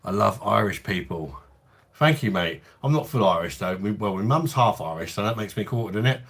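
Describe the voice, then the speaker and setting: A man nearing forty with a London accent hosts a relaxed beer livestream. His voice sits a bit low, and he chats easily, answering viewers and calling them mate. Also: brisk, husky. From London, England. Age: 30s. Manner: laid-back, chatty, says mate a lot. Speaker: beer review livestream host. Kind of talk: casual livestream chat, reading viewer comments.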